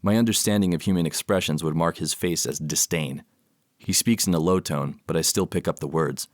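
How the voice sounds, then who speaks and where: A man reads an audiobook aloud in a steady, measured storytelling style. His voice is very deep, and the scripted narration is recorded dry and clean in a studio.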